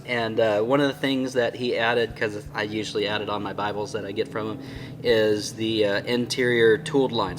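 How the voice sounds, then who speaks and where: A man's voice: mid-range voice, a bit bright, slight background noise. Chatty enthusiastic man reviewing a Bible. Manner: enthusiastic and chatty, often amused by his own slips; sounds out hard words slowly. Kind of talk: casual product review vlog.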